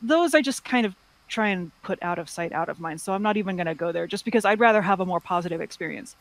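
A woman telling stories in a casual chat, relaxed with quick asides. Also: lowish voice. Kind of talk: casual chat about cosplay.

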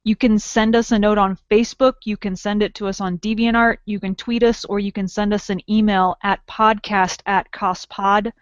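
A woman's voice: medium pitch, level tone, moderate pace, few pauses, no echo, lo-fi sound. A woman hosting a casual podcast in an upbeat, chatty way. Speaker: podcast host.

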